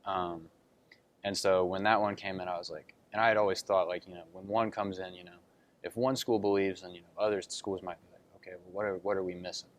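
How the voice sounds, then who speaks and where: A man's voice: low-pitched, level tone, brisk. A young man answering interview questions about being recruited, telling his story earnestly with lots of fillers and retold quotes. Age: young adult. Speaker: college basketball recruit.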